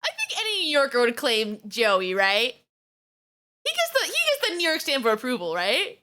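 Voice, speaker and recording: A woman reacts to a video on stream, her voice high and bright with sharp edges. She talks in an animated, giggly way, full of filler words and sudden bursts of excitement. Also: normal speed, slight background noise. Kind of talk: casual reaction commentary.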